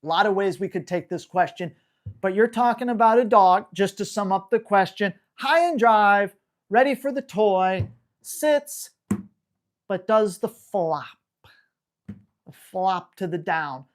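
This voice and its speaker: A woman dog trainer answering viewer questions in a live Q&A, in an energetic, emphatic, casual coaching manner. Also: mid-range voice, measured pace.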